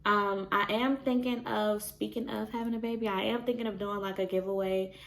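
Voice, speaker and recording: Gravelly-voiced chatty young woman. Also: mid-range voice, steady tone, fairly quick. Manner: chatty, storytelling with many "like" fillers and laughs. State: pregnant. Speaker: vlogger. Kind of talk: casual chat.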